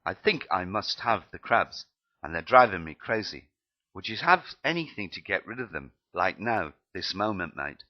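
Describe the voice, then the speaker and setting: A man's voice: low-pitched, big pitch swings, moderate pace, dull audio. A man voicing an embarrassed young male soldier who speaks sheepishly and hesitantly. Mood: pleading.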